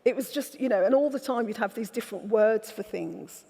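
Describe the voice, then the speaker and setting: A woman's voice: on the high side, brisk, gravelly, dark tone, slightly rough. Wry woman telling stories. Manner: candid, storytelling, wry. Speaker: author guest. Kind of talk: festival onstage conversation. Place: festival event stage. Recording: reverberant festival hall.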